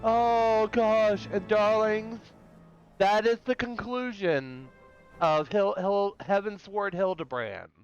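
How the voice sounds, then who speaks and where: High-voiced gushing male game streamer. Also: expressive, slow. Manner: gushing, emotional, calls viewers darlings and y'all. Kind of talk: casual let's-play commentary. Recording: muffled lo-fi with faint game music.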